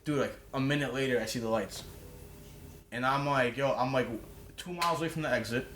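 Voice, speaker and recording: A man's voice: mid-range voice, fairly quick, background noise. A man telling a rambling, profane story as a podcast guest, restarting his sentences often. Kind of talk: casual storytelling. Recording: roomy echo.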